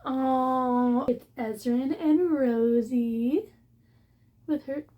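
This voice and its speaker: A woman vlogging a casual book haul unboxing, gushing and excitable as she shows off her books. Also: high-pitched, drawn-out words, narrow, tinny audio. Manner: gushing and excitable, with gasps of delight.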